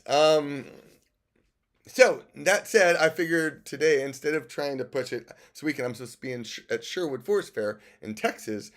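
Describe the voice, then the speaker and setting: Middle-aged guy hosting a music stream, laughs a lot, drifts off mid-sentence, kinda casual. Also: mid-range voice. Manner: chatty, laughs often, loses his train of thought. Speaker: musician hosting a live show. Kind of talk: casual live-stream chat.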